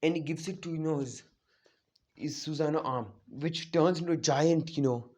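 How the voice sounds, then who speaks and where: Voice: mid-range voice, normal speed, darkish tone. Rambling fan storyteller with fillers. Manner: rambling, lots of fillers and self-corrections. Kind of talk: casual off-the-cuff story narration.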